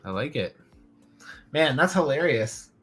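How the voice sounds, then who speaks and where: A man's voice: on the high side, sing-song, a little slow, fairly bright tone. A man hosting a casual live stream, laid-back, laughing often and swearing now and then. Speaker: host of a live customizing stream.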